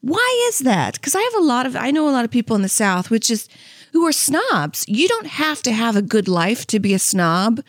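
A woman in her thirties chats on a close studio mic. Her voice sits a touch high, and the sound is dry and near. She wanders from one funny story to the next, laughing often and leaning on fillers like "um" and "like.". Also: very animated, a little fast, no echo. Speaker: comedy podcast co-host. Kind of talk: casual rambling chat.

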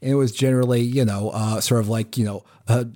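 Man, podcast guest, mid-pitched voice, halting, lots of fillers and restarts, casual talk. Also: steady tone, warm tone. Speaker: podcast guest researching QAnon.

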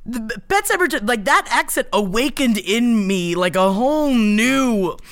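A woman's voice: a little high, lively intonation, measured pace. A woman co-hosting a podcast in casual chat, giggly and enthusiastic. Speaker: podcast co-host.

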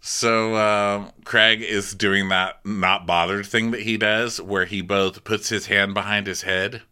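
A man co-hosting a comedy podcast, recapping a reality show in an animated, jokey way. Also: fairly low pitch, takes it slowly, clean tone. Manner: animated, jokey, laughs a lot. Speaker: podcast co-host.

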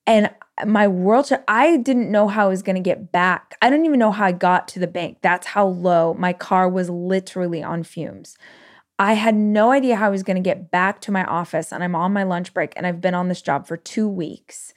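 A woman podcast host telling a personal story in an emotional, animated way with quick bursts. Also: lowish voice.

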